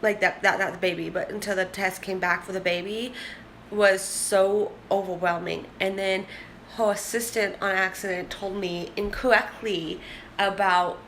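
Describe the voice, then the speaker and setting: A woman's voice: mid-range voice, steady tone, normal speed, a bit bright, slight background noise. A young woman in a casual vlog, chatting candidly and rambling to the camera. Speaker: vlogger.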